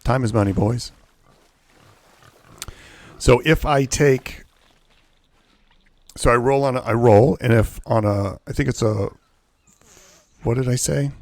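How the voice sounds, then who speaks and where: Slow and pausing often, a man with a mid-range, darkish voice, recorded with no echo, streams a pirate game live. His casual gameplay commentary rambles through his rules with restarts and self-corrections, plus muttered asides as he plays.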